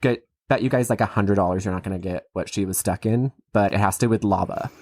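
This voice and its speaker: Low-voiced wry woman podcast co-host. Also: fast, a little mellow, no room sound. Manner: wry, joking commentary. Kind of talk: casual rewatch podcast chat.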